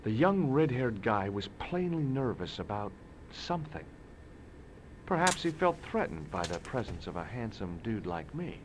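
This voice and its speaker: An actor playing a self-assured young American adventurer in an adventure game, making dry wisecracks. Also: male voice, on the low side, big pitch swings, normal speed. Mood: wry. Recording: noisy captured game audio.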